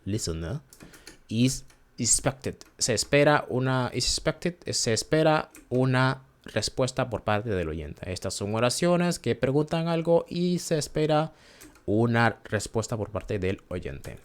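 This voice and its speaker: A man's voice: medium pitch, animated, normal speed. A man whose first language is Spanish teaches a casual lesson, hesitating and repeating words to model pronunciation.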